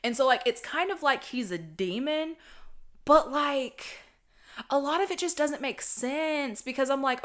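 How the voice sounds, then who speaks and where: A young woman hosting a podcast, recapping a horror movie in a casual, animated, swearing style. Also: high voice, a little slow. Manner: animated, profane storytelling. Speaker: podcast host.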